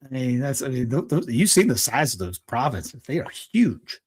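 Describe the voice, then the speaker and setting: A man from Toronto hosting a casual political commentary show, rambling and excitable, often restarting and laughing. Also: mid-range voice, moderate pace, husky. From Toronto, Canada. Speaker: podcast host.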